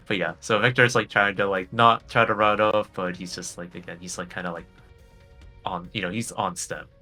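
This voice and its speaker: A man's voice: low voice, fairly even intonation, normal speed, pushed and bright, soft background music. A man playing a tabletop game, talking casually and hesitantly, with many fillers and restarts. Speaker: player. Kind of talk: casual tabletop role-play.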